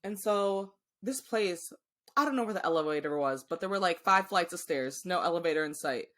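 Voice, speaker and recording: A woman co-hosting a podcast, telling a story in casual chat, animated and laughing often. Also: on the low side, a little fast. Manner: animated, laughs often, acts out voices in quotes. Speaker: podcast co-host.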